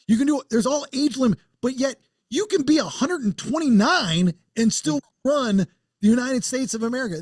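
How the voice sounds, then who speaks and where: A man's voice: sits high, darkish tone, dry recording, clean studio sound. A man co-hosting a podcast, rambling through a casual rant and often restarting his sentences. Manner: rambling, restarts mid-thought, ranting. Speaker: podcast co-host. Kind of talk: casual chat.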